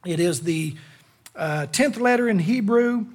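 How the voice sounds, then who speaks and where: A man's voice: high-pitched, lively intonation, measured pace. A middle-aged man, a lay preacher delivering a sermon to a church in a folksy, self-deprecating, conversational manner.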